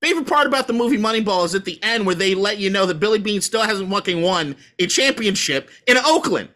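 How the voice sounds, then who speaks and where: A fired-up man ranting on a sports podcast, his voice bright and forceful. He swears freely and works himself into a lather, pushing each point hard. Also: high voice, lively intonation, fast. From Washington, D.C. area. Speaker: podcast co-host. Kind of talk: casual sports talk.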